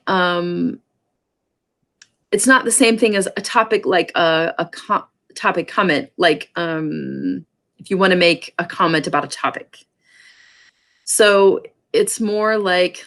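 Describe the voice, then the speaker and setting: Casting note: woman, mid-pitch, chatty sign language teacher, rambling with fillers, online class. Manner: rambling, many fillers and restarts. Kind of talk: casual online class lecture.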